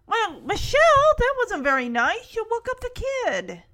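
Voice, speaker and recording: A woman's voice: a little high, big pitch swings, moderate pace, a bit bright. A woman voicing a cocky, bossy grown uncle who talks down to others, dismissive and sure of himself. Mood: smug.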